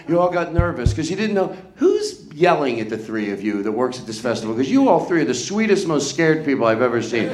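A man's voice: on the high side, big pitch swings, fairly quick, echoey room, crowd noise. A man, a comedian hosting a live podcast before an audience in a hotel event room, chatting and rambling in self-mocking stand-up banter.

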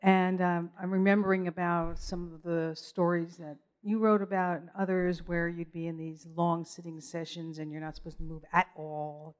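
A woman's voice: on the low side, flat delivery, moderate pace, few pauses. A woman in the audience at a live talk asking a question, hesitant with many ums and restarts.

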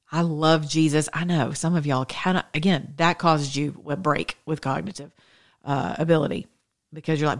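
Female host, low register, passionate sermon-style commentary. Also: fairly even intonation, normal speed. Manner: passionate, preachy. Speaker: show host. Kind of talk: religious political commentary monologue.

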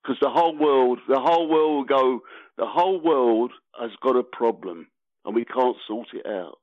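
A man's voice: mid-range voice, expressive, normal speed, no room sound. Elderly British man in his eighties, teasing and evasive, dry phone-line sound. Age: 80s. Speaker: guest. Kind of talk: phone interview.

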